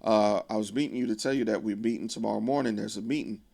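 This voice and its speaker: A man voicing a calm young crew leader. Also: lowish voice, fast talker, creaky. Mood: firm.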